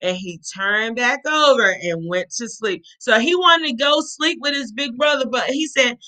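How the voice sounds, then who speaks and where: A woman reading a children's storybook aloud, animated and often asking her young listeners questions. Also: on the high side, moderate pace, hardly any pauses, low-quality recording.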